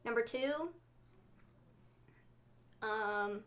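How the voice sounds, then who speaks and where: A woman's voice: on the high side, drawn-out words, a bit bright. A woman co-hosting a casual live-stream chat, giggly and laughing often. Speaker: co-host.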